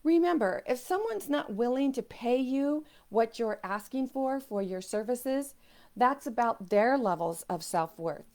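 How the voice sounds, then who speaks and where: A woman's voice: a little high, lively intonation, unhurried, a little mellow. A woman coaching on self-worth in a motivational video talk, earnest, now and then voicing inner doubts as quoted asides.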